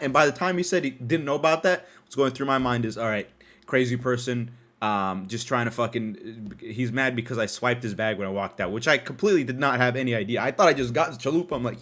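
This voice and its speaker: A young Canadian man hosts a podcast, telling a story in a casual monologue packed with swearing, laughter and sudden leaps in pitch. He talks fairly quickly in a slightly bright voice.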